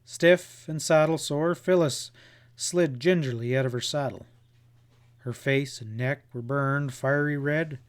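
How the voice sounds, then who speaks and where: A man narrating a western novel as an audiobook, in a measured storytelling read. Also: medium pitch, smooth.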